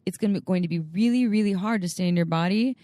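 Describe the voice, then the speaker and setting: A woman's voice: mid-range voice, fast, dark tone, dry recording. A woman co-hosting a casual podcast, talking in an earnest, coaching way with frequent restarts. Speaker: podcast co-host.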